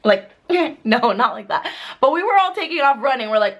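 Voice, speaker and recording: A woman's voice: fairly high pitch, brisk. Chatty young woman telling a storytime vlog. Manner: chatty, filler-heavy, bursts into excited quoted voices. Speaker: vlogger.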